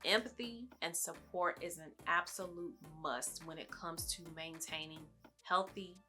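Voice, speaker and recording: A woman's voice: lowish voice, measured pace, bright, forceful tone, faint music behind. A young woman vlogger giving casual advice straight to her viewers, chatty and familiar, calling them y'all and baby. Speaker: lifestyle vlogger. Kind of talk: casual advice talk to camera.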